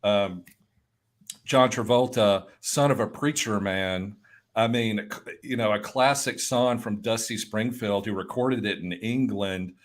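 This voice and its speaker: A man's voice: on the low side, measured pace. A man co-hosting a podcast, opinionated, often starting his sentences over. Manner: opinionated, hesitant restarts. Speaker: podcast co-host. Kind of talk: casual fantasy baseball chat.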